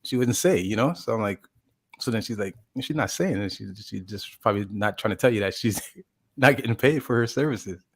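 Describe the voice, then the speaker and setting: A podcast co-host with a fairly low, husky, slightly bright voice tells a long, winding story in casual chat, speaking expressively and fairly quickly. He rambles, restarts his sentences and fills them with "like" while acting out people's words.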